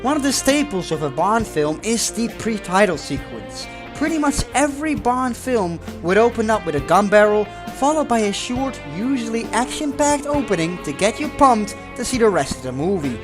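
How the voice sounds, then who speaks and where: A man's voice: high-pitched, sing-song, normal speed, hardly any pauses, music in the background. A Dutch man narrating his own fan video in a scripted, earnest and enthusiastic way, speaking English as a second language. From Netherlands. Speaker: channel host.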